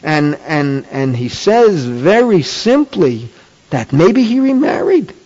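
A man's voice: a little high, sing-song, slow, a little mellow. A man teaching a religious class, emphatic and repetitive, often firing off questions and repeating key phrases. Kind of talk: Torah lecture. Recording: dull lo-fi tape recording.

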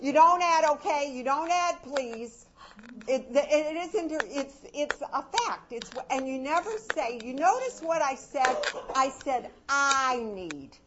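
A woman giving a live parenting workshop, lively and chatty, often dropping to a low, soft voice to demonstrate. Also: takes it slowly. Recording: muffled recording with background noise.

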